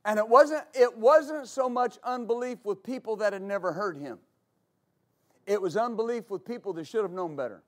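Pastor guy preaching, really high voice, explains slow then gets loud and shouty. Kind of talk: sermon.

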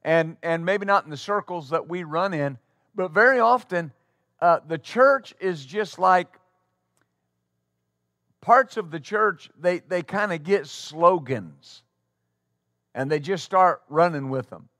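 A male pastor preaching a sermon to his congregation in a church, talking conversationally and then breaking into loud exclamations. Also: high voice, takes it slowly, pauses often, no room sound, clean studio sound. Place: church sanctuary before a congregation.

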